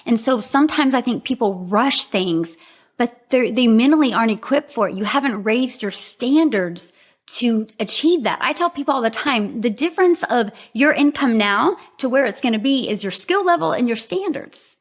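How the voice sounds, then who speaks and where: A middle-aged woman, upbeat and emphatic, laughing often as she talks about her business and then pitches her program. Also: lively intonation, moderate pace. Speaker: program founder and presenter. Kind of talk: interview then sales pitch.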